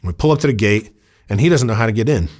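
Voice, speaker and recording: A man's voice: lowish voice, animated, fast, a little mellow. A man from Iowa, a former undercover officer, telling stories casually in an interview, rambling with many fillers and acting out quoted dialogue. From Iowa, USA.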